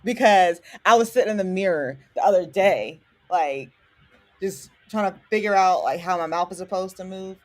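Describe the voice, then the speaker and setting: An American woman co-hosting a livestream in casual chat, animated and quick to laugh. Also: fairly low pitch. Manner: laughs often, animated and chatty. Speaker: livestream co-host.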